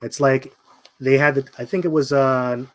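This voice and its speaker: A man giving an informal scripture commentary in a blunt, confrontational way. He keeps calling his listeners "man", repeats his points and slows down to drive them home. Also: medium pitch, steady tone. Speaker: bible teacher.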